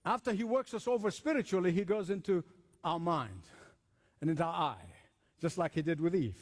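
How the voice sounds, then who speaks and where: A man's voice: fairly high pitch, expressive, normal speed, long reverb tail. A man pastor preaching a sermon in an emphatic, conversational way, with lots of repetition.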